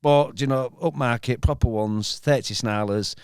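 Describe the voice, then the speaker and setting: A man's voice: mid-range voice, moderate pace, a little mellow, smooth, no echo, clean studio sound. A man in his fifties telling a rambling story on a podcast, full of restarts and repeated phrases. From England. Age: 50s. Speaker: podcast host. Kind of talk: casual storytelling chat.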